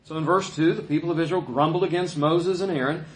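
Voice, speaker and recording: A man's voice: fairly high pitch, fairly even intonation, fast talker. Preacher man in an echoey room. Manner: conversational, retells scripture with mocking quoted voices. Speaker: pastor. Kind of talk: sermon.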